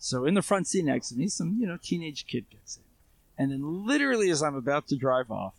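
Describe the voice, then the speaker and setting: A man's voice: a little high, big pitch swings, fairly quick, creaky, dry recording. A man being interviewed, telling a story in a casual, conversational way with many fillers and restarts. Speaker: guest, armed civilian responder. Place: Israel.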